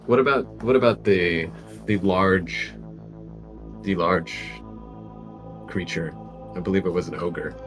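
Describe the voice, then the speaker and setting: A man playing a character in an online tabletop game, speaking hesitantly with many pauses and restarts. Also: deep voice, fairly even intonation, music in the background, low-quality recording. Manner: hesitant, full of ums and restarts. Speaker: player. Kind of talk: casual tabletop role-play.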